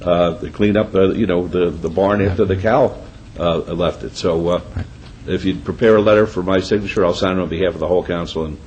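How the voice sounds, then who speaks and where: An older man with a very low voice chairs a city council meeting. He talks in a plain-spoken, folksy way, with homey sayings. Faint noise hums under the recording. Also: fairly even intonation, brisk, a little mellow, low-quality recording. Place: council chamber.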